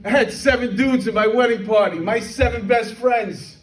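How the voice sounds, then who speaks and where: Brash high-voiced comic in an echoey hall. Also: male voice, normal speed. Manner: brash, streetwise, lots of "man" and shouted impressions. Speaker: stand-up comedian. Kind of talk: stand-up comedy set. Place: comedy venue with live audience. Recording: echoey room, mic heard from far, crowd laughter.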